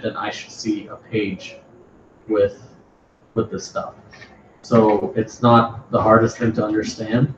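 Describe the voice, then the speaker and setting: A man giving a casual technical talk at a meetup, hesitant and often repeating his words. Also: lowish voice. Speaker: meetup presenter. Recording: echoey room, distant dull mic, faint noise.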